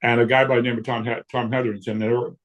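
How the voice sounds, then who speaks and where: Man, 60s, guest, casual storytelling, lively, blunt, swears. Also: mid-range voice, racing, lo-fi sound. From Canada. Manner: lively storyteller who acts out quotes and swears freely. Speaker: guest punk musician.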